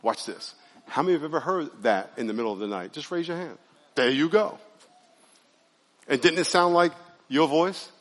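Animated pastor preaching in an echoey hall. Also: male voice, fairly high pitch, normal speed, pauses often. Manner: conversational, animated preaching with audience call-and-response. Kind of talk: sermon. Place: church sanctuary.

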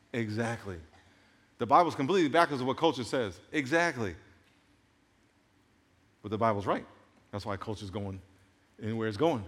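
Animated preacher in a reverberant hall. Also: male voice, on the high side. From New York. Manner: animated, swings from hushed to emphatic, slows to stress scripture. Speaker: pastor. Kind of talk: sermon. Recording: long reverb of a large hall.

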